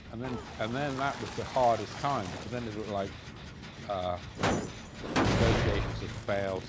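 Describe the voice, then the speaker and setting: A man recounting his time as a hostage in a halting, subdued way, full of restarts. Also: heavy background noise. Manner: halting, many restarts, subdued and low-key. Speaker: interviewee recounting being held hostage. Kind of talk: reflective personal storytelling.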